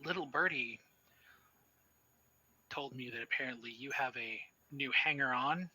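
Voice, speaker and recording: A man's voice: mid-range voice, a little slow, sharp tone, husky, no room sound, heavily acted, poor audio. A man voicing a haughty, catty vampire woman in a tabletop role-playing game, framing her lines with "she goes".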